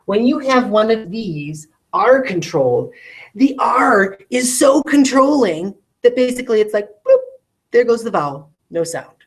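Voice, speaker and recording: In a recorded phonics lesson for classrooms, a woman slowly draws out the sounds of words and checks in with rhetorical questions. Her voice is fairly high and animated, and the audio quality is poor.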